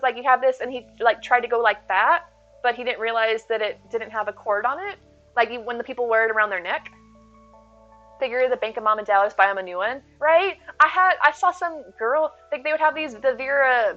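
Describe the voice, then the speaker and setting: A woman's voice: fairly high pitch, a bit bright, lo-fi sound. Chatty woman streamer thanking her chat. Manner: chatty and rambling, reads chat aloud, thanks viewers. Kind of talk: casual live-stream chat.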